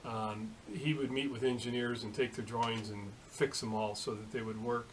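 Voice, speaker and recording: A middle-aged man talks through a casual vlog story at an ordinary pitch, halting often and filling gaps with "uh." He sounds like a home shop machinist chatting to the camera. A faint hiss sits behind his voice. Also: flat delivery, low-quality recording. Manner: halting, full of uh fillers and restarts.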